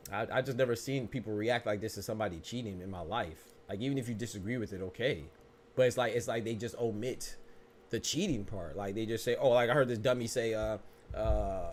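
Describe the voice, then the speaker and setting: A man hosting a casual live-stream podcast, talking fast and arguing hard in loose slang, repeating himself for emphasis. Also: medium pitch, a little hiss or hum. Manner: animated, argumentative, repetitive, slangy. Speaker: podcast host.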